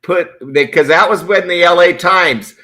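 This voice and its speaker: A man's voice: high-pitched, unhurried, sharp tone. A middle-aged man and sportfishing captain, chatting casually and restarting his sentences often. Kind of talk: casual chat.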